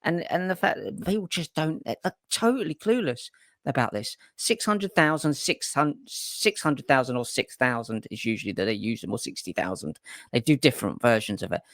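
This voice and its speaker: A man's voice: mid-range voice, lively intonation, normal speed, a bit bright, dry recording, studio quality. A man co-hosting a podcast in casual, emphatic chat who swears freely. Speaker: podcast co-host.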